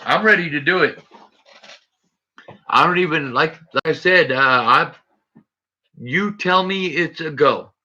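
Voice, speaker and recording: Fairly high-pitched and very bright with a sharp edge, this host's voice moves at a measured pace with long pauses. He talks straight to his livestream viewers, nervous and joking, over dull, lo-fi audio.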